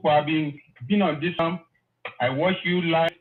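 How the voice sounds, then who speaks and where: Over a tinny phone line, a man calls in, effusive and emotional, repeating his praise. His voice sits on the high side, with a steady tone and an unhurried pace.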